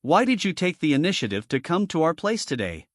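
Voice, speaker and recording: A man's voice: on the high side, sing-song, a little fast, no room sound. A man reading a cold, stern woman director. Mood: curt. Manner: curt and dry. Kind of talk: read-aloud dialogue in a recap.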